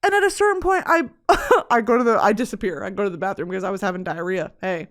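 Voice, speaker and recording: A woman from Texas with a Texan accent, hosting a podcast and telling a comedic story in an animated, profane way, laughing often. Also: mid-range voice, fast. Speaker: podcast host.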